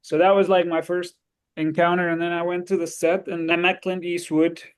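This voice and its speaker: A man, a guest actor, telling anecdotes in a casual, lively way on an interview podcast. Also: sits high, moderate pace, clear, resonant tone. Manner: lively, animated storytelling with frequent laughs.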